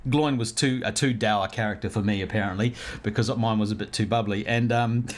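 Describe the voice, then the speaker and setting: A man's voice: on the low side, fairly even intonation. A man with a New Zealand accent, an actor interviewing a guest, talking casually with many restarts and laughs. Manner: halting, repeats words, laughs easily.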